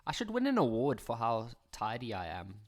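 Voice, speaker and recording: A man's voice: mid-range voice, huge pitch swings, normal speed. A man with a South African accent teaching a maths lesson on video, chatty and fond of self-deprecating jokes.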